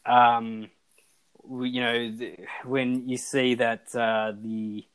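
A man in a relaxed podcast chat about a TV series. He rambles enthusiastically, stacking ums and restarting his sentences as his thoughts run ahead. His voice sits at an ordinary middle pitch for a man. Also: slow, clean tone, poor audio. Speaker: podcast co-host. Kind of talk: casual chat reviewing a TV show.

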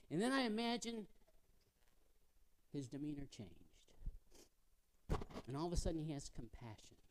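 As a guest speaker, a man with a slightly high voice preaches a sermon. He tells the story vividly, questions the congregation, and lowers his voice to a hush to land his points.

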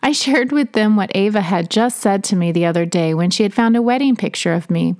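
A woman's voice: mid-range voice, a little fast, a little mellow. A woman from Tennessee, telling personal stories in a chatty way and laughing between them. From Tennessee, USA. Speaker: storyteller. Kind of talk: personal storytelling narration.

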